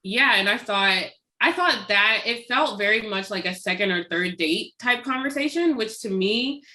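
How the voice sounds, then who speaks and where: A woman's voice: medium pitch, lively intonation, normal speed, bright, forceful tone. A woman guest on a podcast, chatting casually and animatedly. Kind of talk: casual chat.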